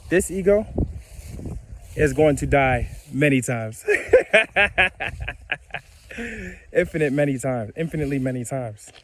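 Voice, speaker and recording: A man giving a casual spiritual monologue outdoors, slow and emphatic, repeating phrases and laughing at himself. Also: medium pitch, background noise. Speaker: spiritual vlogger.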